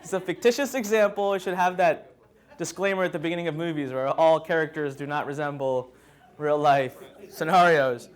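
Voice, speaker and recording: A man with a high voice delivers a live motivational seminar to a workshop audience. He tells stories animatedly, acting out little scenes and joking with the room as he goes. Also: a little fast, clean tone. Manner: animated storytelling, acts out scenes, jokes with the audience. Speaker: motivational speaker.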